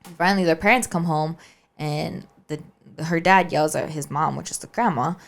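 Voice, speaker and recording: A woman's voice: deep voice, normal speed, vocal fry. A woman podcast co-host casually telling a spooky story, chatty and always checking in with "right?" and "like.". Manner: chatty, keeps saying "right?" and "like".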